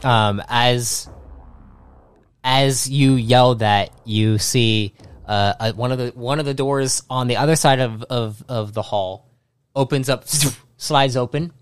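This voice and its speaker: A man's voice: medium pitch, clean tone, no room sound. A man narrating a tabletop role-playing game as game master, stumbling and restarting his sentences. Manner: halting, many restarts.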